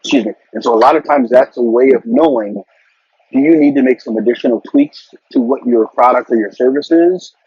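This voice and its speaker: Husky middle-aged man giving career advice. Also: medium pitch, brisk, no echo. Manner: earnest, advice-giving, with frequent repeated words. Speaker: interview guest, corporate marketing executive. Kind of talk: casual conversational interview. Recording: dull, lo-fi sound.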